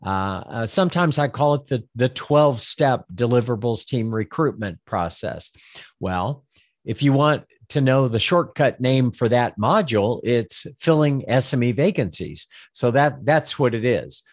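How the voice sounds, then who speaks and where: An older man coaching financial advisors, talking at length in a loose, rambling way. He stumbles and repeats words, and now and then acts out a listener's objections before answering them. His voice sits in a middle pitch and sounds dry and close to the mic. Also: expressive, unhurried, dry recording. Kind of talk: instructional talk.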